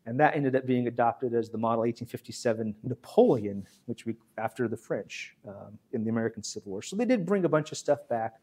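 A man's voice: medium pitch, expressive, brisk, few pauses, a little mellow, breathy edge. A man giving a chatty history talk as guest speaker, repeating himself and acting out quotes. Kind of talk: history lecture.

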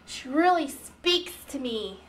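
A very high, swooping voice from a woman playing a clingy, overdramatic actress. She drawls slowly and milks every line. Everything comes out theatrical and gushing. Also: expressive, slight background noise. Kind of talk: indie comedy drama acting.

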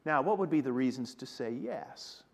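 A man preaching a sermon, emphatic and deliberate, retelling scenes with drama. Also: medium pitch, expressive, creaky, slightly rough. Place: church sanctuary. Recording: long reverb of a church hall.

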